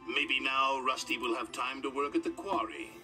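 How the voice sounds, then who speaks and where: A man's voice: medium pitch, normal speed, sharp tone, recorded from a distance, soft background music. A man voicing a stern, important male railway boss who speaks in a firm, official way.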